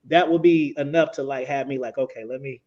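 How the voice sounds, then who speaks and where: A man's voice: mid-range voice, brisk, a little mellow. A man on a casual discussion panel who talks in a loose, profane, rambling way. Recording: dull lo-fi audio.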